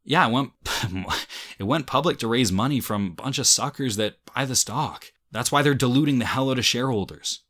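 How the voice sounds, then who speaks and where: A man's voice: mid-range voice, moderate pace, fairly bright tone. A young man from Canada, an investing YouTuber, reacting to angry comments in a heated, swearing rant with frequent laughs.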